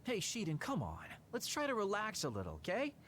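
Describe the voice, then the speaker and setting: An actor voicing a laid-back, easygoing older man in a video game who calms his teammates with a teasing tone. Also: high-pitched, a little fast, slight background noise, full character voice. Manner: relaxed, teasing.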